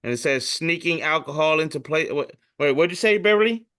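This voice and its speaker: Male comedian host, higher-pitched, bright tone; loose, profane meme reading. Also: animated, a little fast, clear, resonant tone. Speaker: podcast host reading memes.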